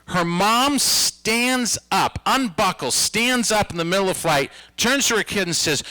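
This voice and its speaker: A man in his fifties performing a stand-up comedy routine, telling stories with a playful, animated delivery. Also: high-pitched, unhurried, hardly any pauses, no echo, rough recording. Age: 50s.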